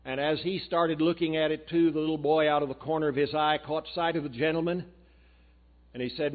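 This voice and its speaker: A man's voice: fairly high pitch, fairly even intonation, a little fast. A man giving a sermon as a guest preacher, telling a story in a folksy way and reading quotations aloud. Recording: tinny phone-like recording.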